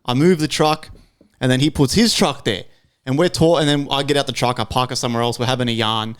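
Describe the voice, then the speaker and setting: A man's voice: medium pitch, quick pace, smooth. An Australian man co-hosting a podcast, telling stories in casual chat, swearing freely and checking in with "right?". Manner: animated storyteller, swears freely, tags lines with "right?". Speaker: podcast co-host.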